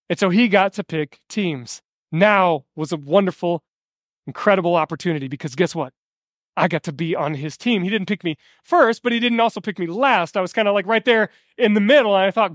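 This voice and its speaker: High-voiced male pastor preaching. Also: no echo, clean studio sound. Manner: conversational preaching with anecdotes and audience questions. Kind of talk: sermon.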